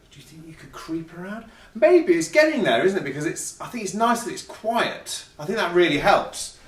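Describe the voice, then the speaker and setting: A man's voice: high-pitched, very animated, moderate pace. A man leading a children's music lesson, playful and cheerful, asking the young audience questions as he goes. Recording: echoey room, mic at a distance.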